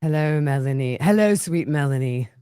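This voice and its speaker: A woman putting on the voice of a monotone, creepy middle-aged man who murmurs ominous lines slowly. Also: a little high, clear, resonant tone, dry recording, studio quality, close to an everyday voice. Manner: slow, flat, menacing.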